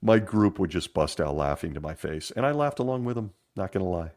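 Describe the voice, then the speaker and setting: A man's voice: deep voice, expressive, fairly quick, darkish tone. Wry man laughing through his words. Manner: laughs often while talking; wry, sarcastic asides. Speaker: podcast host. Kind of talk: casual monologue.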